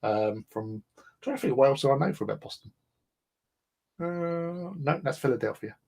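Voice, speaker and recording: A man's voice: mid-range voice, lively intonation, normal speed, gravelly, a little mellow. An English man hosting a livestream, chatting casually in a rambling way with lots of ums and restarts. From England. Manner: rambling, chatty, many fillers. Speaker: livestream host. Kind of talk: casual chat.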